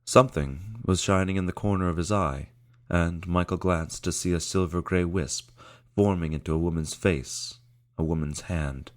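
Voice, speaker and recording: A male audiobook narrator with a very low, deep voice. He reads in a measured, steady way, drawing out key phrases as the story goes along. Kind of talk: scripted narration.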